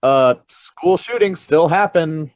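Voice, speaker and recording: A man co-hosting a podcast in casual chat. He speaks haltingly, with many fillers and some swearing. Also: fairly high pitch, dry recording, rough recording. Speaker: podcast co-host.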